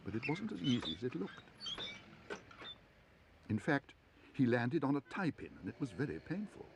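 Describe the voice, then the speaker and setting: A man streaming from home, reading a children's storybook aloud in an expressive, animated way. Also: medium pitch, normal speed, slight background noise.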